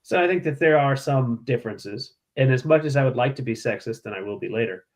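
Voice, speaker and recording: Deadpan male podcast co-host. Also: mid-range voice, a little fast. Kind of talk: casual chat.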